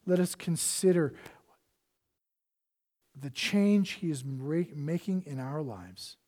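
A male pastor preaching a sermon with earnest passion, swinging between loud emphasis and hushed, near-whispered lines. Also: on the high side.

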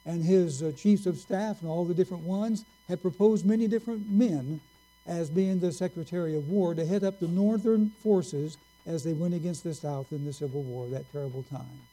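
A man preaching a sermon, telling a story slowly and earnestly and drawing out his key words. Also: a little high, mellow, low-quality recording.

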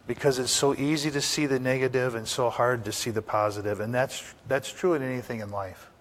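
A man's voice: medium pitch, steady tone, a little fast. Older man preaching a folksy sermon. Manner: folksy, anecdotal, rhetorical questions to the congregation. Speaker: pastor.

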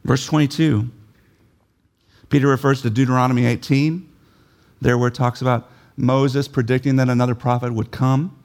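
A man's voice: mid-range voice, little pitch movement, moderate pace, darkish tone. A man preaching a sermon, emphatic, repeating key phrases and putting questions to his listeners.

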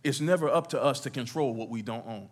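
A man's voice: mid-range voice, a little fast, slightly rough. Preaching man, rousing the congregation. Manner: call-and-response preaching, asks the congregation questions. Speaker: pastor. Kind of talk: sermon. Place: church sanctuary.

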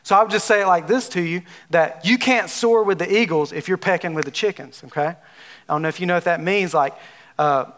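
High-voiced Alabama pastor with a drawl. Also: male voice, brisk, fairly bright tone. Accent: Southern US (Alabama). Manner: conversational, folksy, with frequent fillers like "like" and "you know". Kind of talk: sermon.

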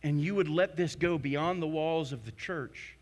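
A man preaching a sermon to a congregation, emphatic, swinging between loud declarations and hushed asides. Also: fairly high pitch, a little slow. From United States. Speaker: pastor.

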